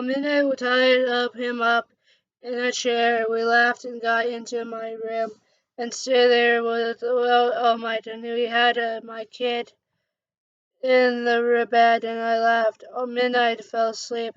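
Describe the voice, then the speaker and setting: A woman reads her own fan story aloud, slow and halting, often restarting words. Her voice is fairly high but flat in tone. The recording is dull and dry, with no room around it. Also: clear, resonant tone, no room sound. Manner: halting, stumbling, self-correcting. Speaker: fan fiction reader.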